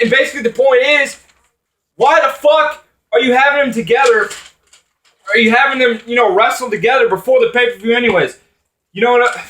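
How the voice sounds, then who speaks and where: A man's voice: very high-pitched, sharp tone, roomy sound, recorded from a distance. A man ranting angrily about wrestling, swearing often and rambling with restarts. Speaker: wrestling commentator vlogger. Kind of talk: angry profane rant.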